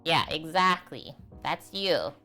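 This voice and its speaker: A young woman talks through her cooking on a livestream, answering chat as she goes. Her voice is a little low for a woman but swings lively up and down. Soft music and sizzling sit faintly behind her in a home kitchen. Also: slow pace. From half French. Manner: chatty, reads and answers chat while cooking.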